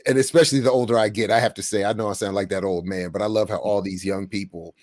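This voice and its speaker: A man's voice: lowish voice, fast, no echo. A middle-aged man hosting a podcast, telling a story in a casual way and acting out what people said. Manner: animated, acts out quotes while telling stories. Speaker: podcast host.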